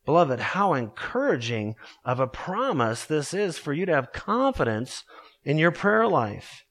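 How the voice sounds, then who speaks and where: Earnest male preacher, fairly high voice. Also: big pitch swings, fairly bright tone. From Colorado, USA. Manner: earnest, emphatic, slows down to stress scripture. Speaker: pastor. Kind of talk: sermon.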